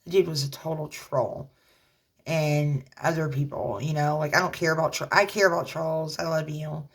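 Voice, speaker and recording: A woman, a mother, talking casually to her viewers in a rambling, halting way with lots of fillers, earnestly offering religious encouragement. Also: deep voice, fairly even intonation, husky. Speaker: vlogger. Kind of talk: casual talk to camera.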